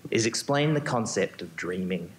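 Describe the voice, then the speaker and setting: A man, a museum curator, giving a prepared symposium talk on stage, measured with occasional ums and restarts. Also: low voice, lively intonation. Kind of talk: prepared lecture. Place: auditorium stage. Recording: echoey hall, faint hum.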